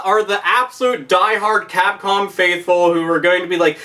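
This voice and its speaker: A man's voice: sits high, steady tone, fairly quick, hardly any pauses, pushed and bright. A man ranting to camera as a YouTuber, swearing constantly and repeating his points with heavy emphasis. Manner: profane, emphatic, repetitive. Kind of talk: angry rant vlog.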